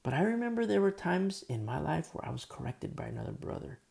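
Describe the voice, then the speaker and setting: A man preaches in an easygoing, conversational way, leaning on fillers and often sinking to a quiet murmur. His voice is heavily gravelly with a lot of fry and a dark, mellow tone. It sounds like a casual church message. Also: on the high side, sing-song, fast. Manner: informal, many fillers, drops to soft murmurs. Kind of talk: conversational sermon.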